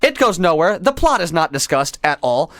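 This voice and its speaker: A man with a high voice rants in exasperated disbelief during a casual podcast chat. The recording is dry and close. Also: big pitch swings, moderate pace, fairly bright tone, dry recording. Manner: exasperated, incredulous ranting. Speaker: podcast co-host. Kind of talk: casual movie-review chat.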